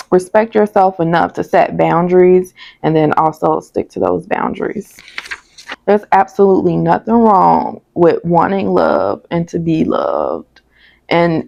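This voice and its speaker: A woman's voice: on the low side, creaky, a little mellow, dry recording. A woman reviewing a TV episode in casual, candid commentary, chatty and prone to tangents, on a dull lo-fi recording. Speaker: TV show reviewer.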